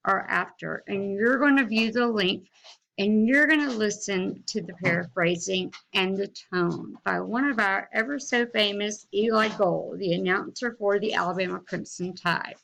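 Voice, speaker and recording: A woman teacher, talking slowly and deliberately to her class in a recorded reading lesson. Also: mid-range voice, vocal fry, fairly bright tone, poor audio. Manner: slow, deliberate teacher talk, reads aloud with rising and falling expression.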